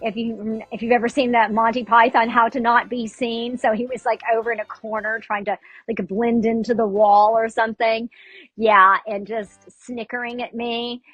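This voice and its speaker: A woman voice actor telling a story about a fan who recognized her, in a chatty, animated way. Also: on the high side, moderate pace, no room sound, lo-fi sound. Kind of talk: casual storytelling.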